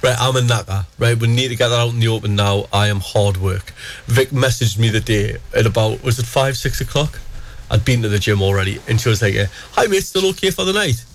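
A man, hosting a local radio show and telling funny stories in animated casual chat. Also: fairly low pitch, brisk, slight background noise. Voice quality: chatty, animated storyteller. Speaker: radio host.

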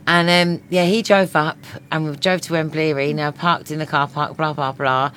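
A woman's voice: low voice, little pitch movement, normal speed, a bit bright, a little hiss or hum. Giggly radio co-host, woman. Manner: giggly, storytelling. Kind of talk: casual on-air chat.

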